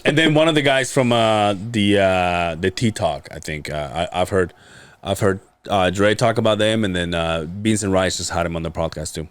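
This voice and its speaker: A man's voice: low voice, normal speed, clear, resonant tone. A man co-hosting a casual podcast, telling stories in a rambling way with frequent laughter and stumbles. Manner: rambling, laughs often, stumbles over words. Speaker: podcast co-host. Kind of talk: casual chat.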